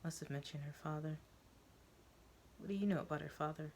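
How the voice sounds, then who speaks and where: A woman voicing a quiet, detached girl patient who answers flatly and evasively. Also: sits low, fairly quick, a little hiss or hum. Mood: cryptic. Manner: flat, hushed and evasive.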